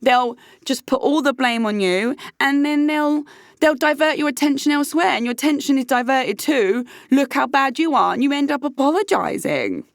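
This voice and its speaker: A woman's voice: sits high, no room sound, studio quality. A young British woman giving candid, sweary personal advice in a conversational vlog. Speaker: vlogger.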